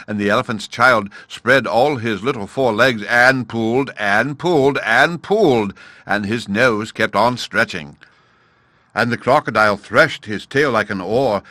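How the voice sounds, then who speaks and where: Low-voiced man narrating a storybook. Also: bright, forceful tone, dry recording. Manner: storytelling, addresses listener fondly. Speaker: audiobook narrator.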